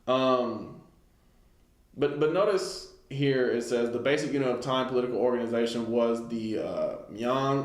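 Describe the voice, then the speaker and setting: A man's voice: medium pitch, darkish tone. Man, bible study teacher, reads then rambles with fillers, roomy echo. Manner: reads a text aloud, then comments loosely with many fillers. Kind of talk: informal Bible study lesson. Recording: echoey room.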